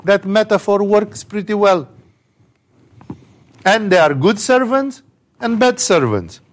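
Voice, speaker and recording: A man's voice: sits high, animated, slow pace. A man giving a conversational scripture commentary with emphatic rhetorical asides. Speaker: spiritual teacher.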